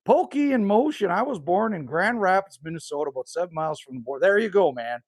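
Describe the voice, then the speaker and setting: Older Canadian man, livestream host, high lively voice, dry close sound, chatty with viewers. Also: fast talker, no echo. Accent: Canadian, with bits of Newfoundland. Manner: chatty, reads out viewer names and answers them. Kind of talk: casual livestream chat with viewers. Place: cabin woodshed.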